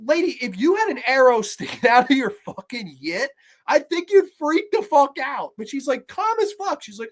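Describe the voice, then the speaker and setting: A man's voice: extremely high pitch, sing-song, moderate pace. A man in his twenties hosting a horror movie review, talking casually with a profane, sarcastic, ranting manner. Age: 20s.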